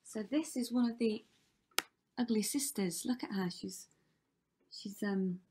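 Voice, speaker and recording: A primary school teacher with a mid-range voice reads a rhyming story aloud to children at an unhurried pace, with background noise present. Her delivery is dramatic, often dropping to a whisper.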